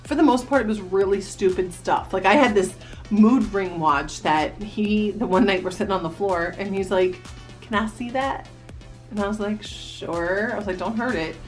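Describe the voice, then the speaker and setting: A woman's voice: mid-range voice, normal speed, faint music behind. A woman in her thirties from New Jersey, a vlogger casually telling a story to the camera and reminiscing in a chatty way. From New Jersey, USA. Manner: chatty, animated reminiscing with quoted voices.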